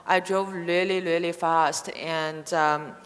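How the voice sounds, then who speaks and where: A woman's voice: fairly low pitch, fairly even intonation, slow pace. A woman interpreting a student's story into English, speaking in short, hesitant phrases. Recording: distant mic with hall reverb.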